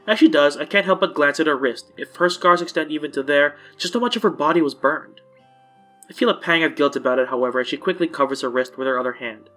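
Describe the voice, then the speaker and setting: Male let's-play narrator, casual, fairly high voice, faint music underneath. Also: fast, pushed and bright. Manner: casual, stumbles and corrects himself. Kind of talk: reading a visual novel aloud.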